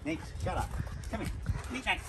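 An older man, a grandfather, chatting affectionately and gruffly teasing his dogs. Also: high voice, lively intonation, normal speed. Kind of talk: casual chat with dogs. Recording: loud background noise.

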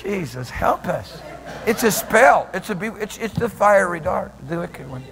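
High-voiced preaching pastor in reverberant hall. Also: male voice, a little slow, vocal fry, music in the background. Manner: animated preaching, swinging from soft murmurs to loud shouts; laughs often while preaching. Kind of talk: sermon. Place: church sanctuary.

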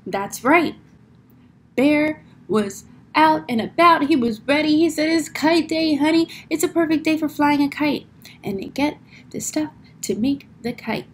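A woman's voice: high-pitched, measured pace. A woman teacher reading a picture book aloud to children, acting out the sound words and stopping to ask the class questions.

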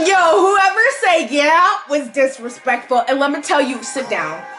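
A young woman reacting to a music video, gushing and squealing like an excited fangirl, talking fast when worked up. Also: high-pitched. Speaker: YouTube reactor. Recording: echoey room with music playing behind. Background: music video playing.

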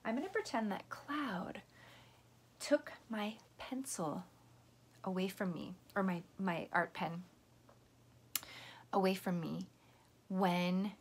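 Gentle teacher woman talking to children. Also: mid-range voice, slow, pauses often, breathy edge. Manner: gentle, patient, explains step by step. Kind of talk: lesson for young children.

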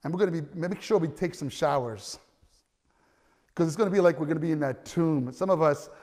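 A man with a high, light voice preaches a sermon in a reverberant church hall. He speaks in a lively, conversational way, stumbling over restarts and rising to loud cries at the climaxes. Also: brisk. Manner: stammering restarts, conversational asides. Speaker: pastor.

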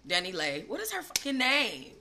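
A woman hosting a gossip live stream, talking casually and animatedly, swinging between loud gushing and low asides. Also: huge pitch swings, moderate pace. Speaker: gossip channel host.

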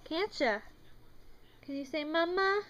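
A young mother talking to her baby in slow, coaxing, sing-song baby talk. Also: very high voice, animated, a bit bright, lo-fi sound.

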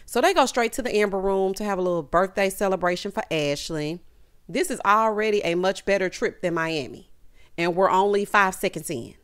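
A woman giving a casual, sassy recap of a reality show, with animated asides to the viewer. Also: medium pitch, a little fast, clean tone.

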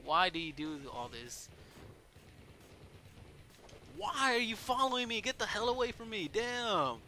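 Excitable, bright-voiced man playing a game. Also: high-pitched, measured pace, a little hiss or hum. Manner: excitable, swearing, yelling at the game. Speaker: gameplay commentator. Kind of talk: let's play commentary.

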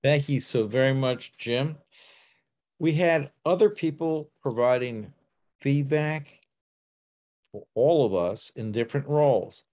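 A man's voice: medium pitch, slow, pauses often, darkish tone. A man chairing an online club meeting and giving polite introductions. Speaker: general evaluator and meeting chair. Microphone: video call.

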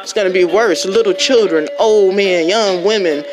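With music playing behind her, this religious vlogger talks at normal speed in a medium-pitched voice. An adult woman who has a child and parents, she gives an impassioned, exhorting testimony and keeps repeating points to drive them home.

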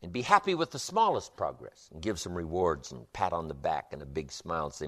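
A man delivers a motivational speech with emphatic, rhythmic repetition. His voice sits low and swings widely in pitch. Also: big pitch swings, a little fast, hardly any pauses. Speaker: motivational speaker.

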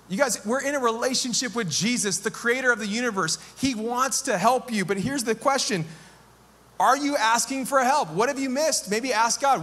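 A man in his thirties, a pastor giving a conversational, self-deprecating and animated sermon. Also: extremely high pitch, fairly quick.

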